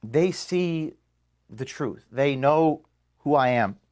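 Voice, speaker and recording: A man in his thirties giving an emotional farewell speech to his staff in an office, halting and restarting as he speaks. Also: fairly high pitch, animated, a little mellow. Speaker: organization founder addressing staff. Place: office, indoors.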